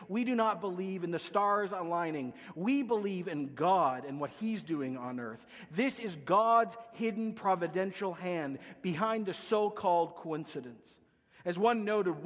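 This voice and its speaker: High-voiced emphatic preacher in a reverberant hall. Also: male voice. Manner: emphatic preaching, swings between loud declarations and hushed lines. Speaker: pastor. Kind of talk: sermon.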